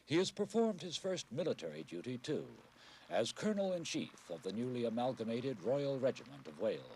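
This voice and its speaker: A middle-aged man narrating a television news report in a measured, wry documentary style. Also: medium pitch, very animated, darkish tone, slight background noise.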